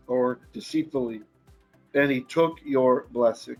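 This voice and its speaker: A man's voice: mid-range voice, measured pace, long pauses, faint music behind. A man teaching a Torah lesson, reading Hebrew verses aloud and then translating and explaining them as he thinks them through. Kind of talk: Bible study lesson.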